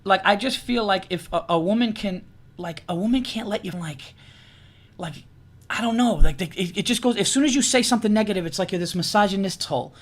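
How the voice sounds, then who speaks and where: Man in his thirties, rapid speech, rambling, lots of restarts, podcast host. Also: sits high. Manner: rambling, restarts often, with many "like" fillers. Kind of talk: casual comedic chat.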